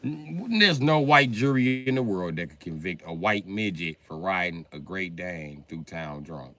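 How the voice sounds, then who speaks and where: A man's voice: low voice, animated, measured pace, bright, forceful tone. A man telling comic stories on a livestream, who swings into mock-formal speech. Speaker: livestream comedian. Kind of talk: stand-up style storytelling.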